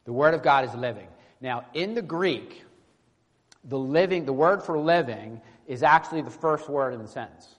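A man preaches through a scripture passage in an easy, conversational way, stumbling over restarts and often asking his congregation "right?". His voice is mid-pitched. It rings out with a long reverb in a church sanctuary. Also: expressive, normal speed. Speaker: pastor. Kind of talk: expository sermon with scripture reading.

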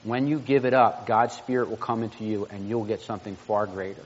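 Low-voiced guy preaching a sermon, lots of ums and restarts, dull lo-fi church recording with long echo. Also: flat delivery, slight background noise. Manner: halting, with frequent fillers and restarts, earnest. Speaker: pastor. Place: church sanctuary. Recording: dull lo-fi sound with long hall reverb.

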